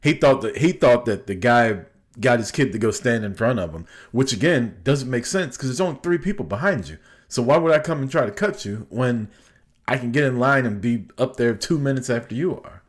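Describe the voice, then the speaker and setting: Man, podcast co-host, casual chat, profane animated storyteller, mid-pitched voice. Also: fairly quick.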